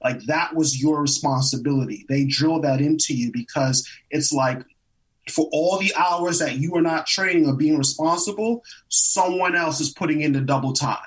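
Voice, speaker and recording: A man in his twenties, an actor guest, telling stories in a casual interview, animated, laughing often and acting out quotes. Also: on the high side, normal speed, distant mic, rough recording. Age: 20s.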